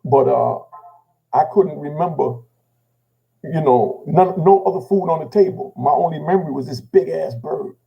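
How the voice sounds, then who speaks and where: An older Jamaican man tells his own story casually and with emotion, speaking at normal speed in a recording with the highs cut off. His voice is gravelly, he tacks "you know what I mean" onto each thought, and he goes low and quiet whenever he quotes himself.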